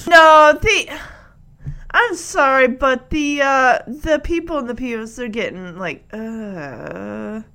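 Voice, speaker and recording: A woman's voice: sits high, slow, sharp tone. A woman chatting casually as she recaps a TV episode, rambling and laughing often.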